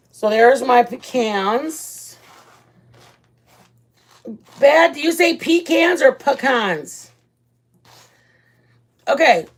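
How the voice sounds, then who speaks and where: Slightly rough and a little high, this woman's voice carries a casual live-stream cooking chat. A vlog host in her home kitchen, she rambles while preparing food and welcomes people by name.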